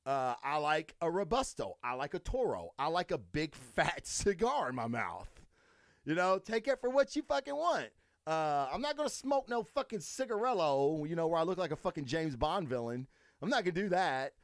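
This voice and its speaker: Crude, rambling man with a lively voice. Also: a little high, normal speed, dry recording, clean studio sound. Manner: crude, rambling, swears constantly. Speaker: podcast host. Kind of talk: profane casual monologue.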